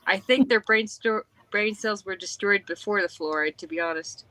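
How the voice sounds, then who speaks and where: A woman's voice: medium pitch, normal speed, pushed and bright, no room sound, rough recording. A woman hosting a casual live stream chat, reading odd posts aloud with dry asides.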